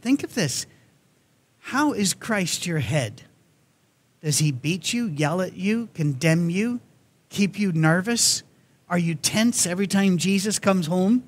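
Man, preacher, sermon, conversational storytelling, higher-pitched voice. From Scotland. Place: church.

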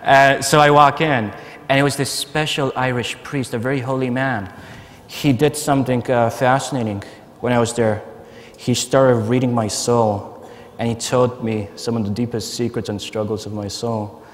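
A man giving a personal testimony at a conference, telling his story in a lively way and laughing often. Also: medium pitch, normal speed. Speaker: conference speaker. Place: large conference hall. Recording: long hall reverb, faint noise.

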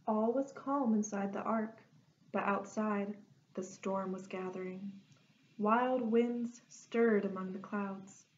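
A woman reading a children's picture book aloud in a gentle storytelling manner. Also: mid-range voice, slow pace. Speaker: storybook reader. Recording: dull lo-fi recording.

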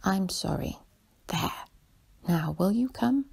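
A woman voicing a proud, bossy young boy in a soft whispered role-play for a bedtime story. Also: sits low, unhurried, heavily acted. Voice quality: husky, creaky whisper.

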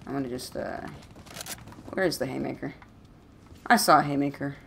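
A young man casually commentating his own gameplay at home, jokey and trash-talking with sudden loud outbursts. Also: mid-range voice, normal speed, vocal fry, a little hiss or hum. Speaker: gaming YouTuber. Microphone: desktop USB mic.

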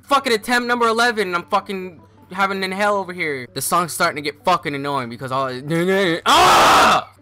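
A man giving gameplay commentary as a gaming YouTuber, cursing and yelling in frustration. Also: high voice, brisk, loud music behind the voice.

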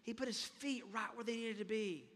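A man preaching a sermon as a pastor, impassioned, often repeating words and rising to loud emphatic peaks. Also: very high voice, fairly quick. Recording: long reverb of a large hall.

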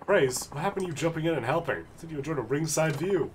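A man's voice: fairly high pitch, lively intonation, fast, slight background noise, pitched above the performer's own voice, close to an everyday voice. A man voicing an exasperated, blunt man who mocks and ribs the person he talks to. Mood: sarcastic. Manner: sarcastic, mocking.

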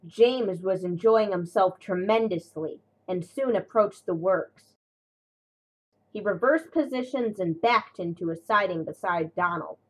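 Woman reading a kids train story, slow steady pace. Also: medium pitch, poor audio. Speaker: narrator. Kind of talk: storybook narration.

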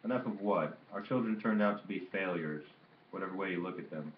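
A man's voice: low-pitched, fairly quick, slight background noise, close to an everyday voice. A man reading the part of a bitter, angry old grandfather who mutters and rants, in a dull, roomy recording. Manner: muttering, ranting complaints.

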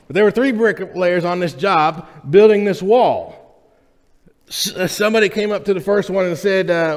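A man's voice: sits high, moderate pace. A man preaching a sermon to his congregation in a conversational, joking way, often checking in with the room. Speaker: pastor. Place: church sanctuary. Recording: reverberant church hall.

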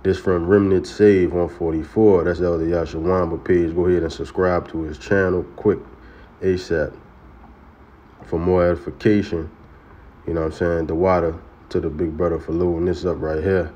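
A man teaching scripture in a casual way, often saying "man" and "you know" and chanting sacred names slowly. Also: deep voice, little pitch movement, dark tone, lo-fi sound. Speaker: religious teacher.

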